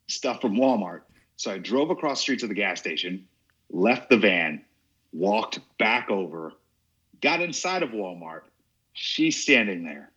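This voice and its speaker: A man on a podcast as a guest, telling a comic story in an animated way. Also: lowish voice, breathy edge. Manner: animated, laughs as he tells it. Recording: dull lo-fi audio.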